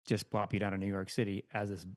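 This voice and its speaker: A man's voice: lowish voice, completely flat delivery, fast talker, a little mellow, no echo. A man appearing as a guest author on a podcast, talking eagerly and agreeably in a casual chat.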